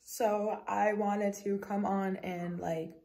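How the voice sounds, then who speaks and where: A woman's voice: medium pitch, little pitch movement, slow pace, gravelly, warm tone, soft background music, rough recording. A woman chatting casually to camera as a vlogger, goofy and chatty, often dropping into a whisper. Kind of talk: casual vlog chat. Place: outdoors by a pond.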